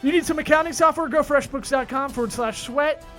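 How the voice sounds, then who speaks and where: Male podcast host, high voice, loud jokey ad reads, faint music bed. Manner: loud, joking, rapid-fire ad reading. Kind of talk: comedic podcast banter and ad reads.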